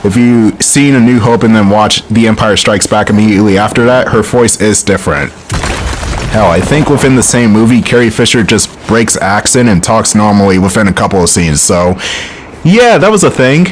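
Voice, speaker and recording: A man's voice: on the low side, lively intonation, normal speed, a little hiss or hum. A man hosting a let's play, giving casual, joking gameplay commentary full of rambling tangents.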